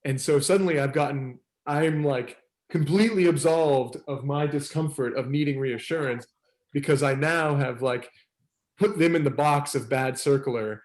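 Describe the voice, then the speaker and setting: A man facilitating a circling group, talking in a relaxed, rambling way with many fillers and laughs. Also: medium pitch, moderate pace, roomy sound. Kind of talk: casual teaching talk.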